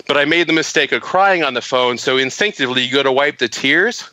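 Bright-voiced young man telling a crude story. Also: mid-range voice, fairly quick, no room sound. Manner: profane, excitable storytelling with frequent "like". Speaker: podcast storyteller. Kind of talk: comic anecdote on a podcast.

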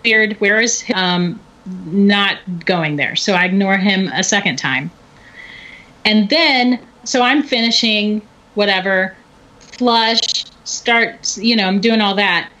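A middle-aged woman telling a story in casual chat, animated and often laughing. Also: mid-range voice, slow pace. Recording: dull lo-fi recording.

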